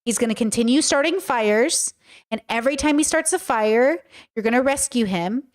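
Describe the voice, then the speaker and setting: High-voiced blunt profane woman host. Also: lively intonation, normal speed. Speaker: commentary host. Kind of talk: casual reaction commentary.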